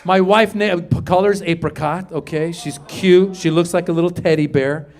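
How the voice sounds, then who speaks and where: A man in his forties, originally from Iran, performing a stand-up comedy set on stage, shouting his punchlines. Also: high voice, normal speed, in a large hall. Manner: animated, loud punchlines with shouted quoted lines. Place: comedy stage before a live audience.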